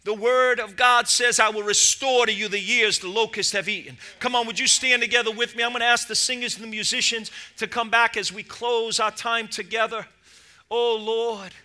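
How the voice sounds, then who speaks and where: High, bright-voiced impassioned male pastor. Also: fairly even intonation, moderate pace. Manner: impassioned, rising to shouts and dropping to low asides. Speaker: lead pastor. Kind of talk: sermon.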